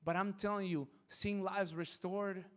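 A middle-aged male pastor preaching a sermon in a conversational way, often checking that listeners follow and swinging from quiet talk to shouts. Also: high voice, fairly even intonation, unhurried.

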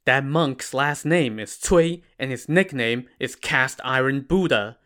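Man playing feeble old monks, hungry and pleading, soft and tired. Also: medium pitch, slow pace. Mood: urgent. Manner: pleading, weary. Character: starving frightened old male monks.

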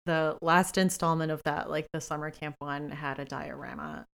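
A woman's voice: deep voice, steady tone, moderate pace, gravelly, fairly bright tone. A woman hosting a podcast from her home studio, chatting casually and recommending books with enthusiasm. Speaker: podcast host. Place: home work space. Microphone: professional studio microphone.

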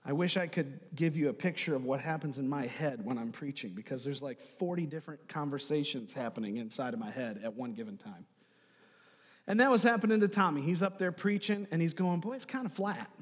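High-voiced preacher in a reverberant hall. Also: male voice, lively intonation, brisk, slightly rough. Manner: storytelling preacher, swings between hushed asides and loud emphatic bursts. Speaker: pastor. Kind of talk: sermon. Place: church sanctuary. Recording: long reverb of a large hall.

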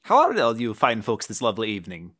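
A courtly skeleton adventurer greets strangers with careful politeness, tripping over his words, as a man puts him on. His voice is bright and lively in pitch. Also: fast, exaggerated voice. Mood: courteous. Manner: polite and hesitant, full of fillers.

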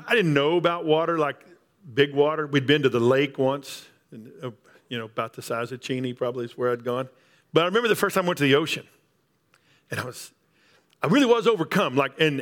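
A man's voice: a little high, a bit bright. A man preaching a sermon, emphatic and repetitive, building up on key phrases. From Texas Panhandle. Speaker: pastor.

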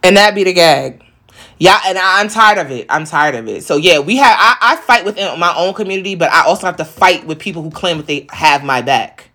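A woman's voice: fairly low pitch, a little fast, bright, forceful tone. A thirty-year-old woman chatting casually and speaking her mind. She is blunt and emphatic and swears freely. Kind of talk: casual chat.

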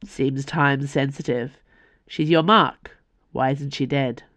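A woman's voice: rumbling low, steady tone, slow, fairly bright tone, no echo, exaggerated voice. A woman voicing a furious young male assassin whose voice trembles with anger as he accuses a former mentor. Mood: angry.

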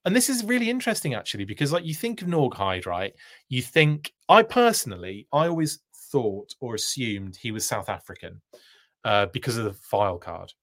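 A man's voice: mid-range voice, big pitch swings, fairly quick, a bit bright. A man hosting a casual livestream reaction, chatting, answering viewer comments, and often breaking off mid-sentence. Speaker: host.

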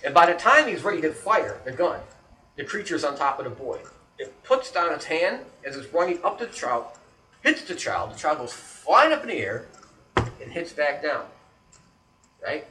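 A man with a fairly high, very animated voice spins a creepy story at a moderate pace, performing scenes with sound effects and frequently asking "right?". It's casual talk, recorded with a distant mic, roomy echo, and faint background noise.

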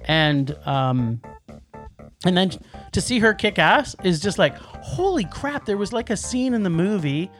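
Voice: mid-range voice, very animated, measured pace, faint music behind. A podcast co-host reviewing movies in casual chat, enthusiastic and rambling, often restarting sentences.

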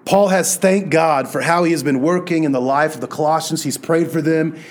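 A man serving as pastor, preaching a conversational sermon with storytelling, slow and deliberate at times. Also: a little high.

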